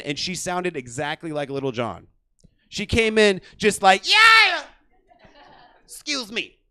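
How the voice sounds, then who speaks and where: Man, stand-up comedy host, high voice, crude rambling delivery, dry close sound. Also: fairly bright tone, dry recording. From California. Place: small comedy theater stage with audience.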